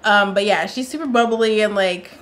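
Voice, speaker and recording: A woman's voice: mid-range voice, normal speed, a bit bright. A woman chatting casually as a reaction vlogger, sassy and playful, laughing often. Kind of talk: casual chat.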